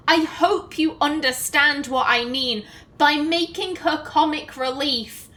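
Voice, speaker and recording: A woman talks through a video game session in a high, bright voice. She takes her time with each thought, breaking into little acted-out lines of dialogue. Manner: animated, acts out characters' lines. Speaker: let's play host. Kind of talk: casual commentary over gameplay.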